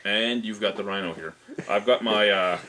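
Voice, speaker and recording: A man's voice: fairly low pitch, normal speed. A man hosting a casual beer review, explaining things at length and swearing now and then. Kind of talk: casual chat. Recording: noisy home recording.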